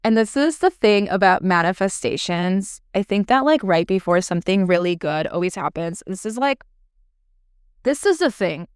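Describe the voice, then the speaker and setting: Woman rambling through a story on her podcast, super smooth voice, swears a lot, dry sound. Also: mid-range voice, no echo. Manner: chatty, swears freely, lots of "like" fillers. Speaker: podcast host. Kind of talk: casual storytelling monologue.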